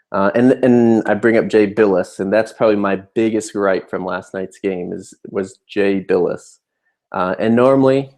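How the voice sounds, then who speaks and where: Young adult male fan vlogger, low gravelly voice, rambling, fired-up recap rant. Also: a little mellow. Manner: fired-up, rambling, many fillers. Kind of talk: casual game recap rant.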